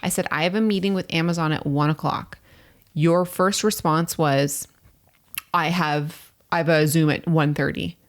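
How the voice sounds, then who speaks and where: A woman co-hosting a relaxed couple's podcast, her voice sitting a little low for a woman. She tells her side with animated, quoted exchanges and keeps cutting in to finish her point. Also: normal speed. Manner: animated storytelling, quoting her partner, interrupting to hold the floor. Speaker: podcast co-host. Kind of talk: casual couple's podcast chat.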